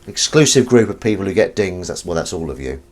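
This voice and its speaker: Playful man, low voice, lively swings. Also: fast talker. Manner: playful, jokey, swings between loud greetings and mumbled asides. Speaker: livestream host. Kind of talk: casual live-stream chat.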